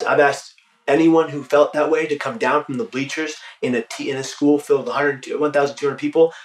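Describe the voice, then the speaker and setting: A man's voice: a little high, steady tone, fairly quick, distant mic. Male podcast host and motivational speaker with an emphatic delivery, recorded off-mic in a roomy space. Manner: emphatic, acts out his crowd chants loudly. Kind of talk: casual podcast conversation.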